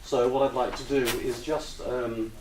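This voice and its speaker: A man giving a slide presentation to an audience, hesitant with many ums, relaxed and gently humorous. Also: medium pitch, normal speed. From United Kingdom. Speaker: lecturer. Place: retreat lecture room with audience. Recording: roomy echo, distant mic, faint hiss.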